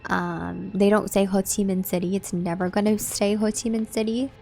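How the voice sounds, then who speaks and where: A woman's voice: medium pitch, level tone, moderate pace, creaky, darkish tone, soft background music. A young woman, hosting a livestream and chatting casually with her viewers in a laid-back way. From Southern California. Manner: chatty, laid-back, reads and answers chat. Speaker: livestream host.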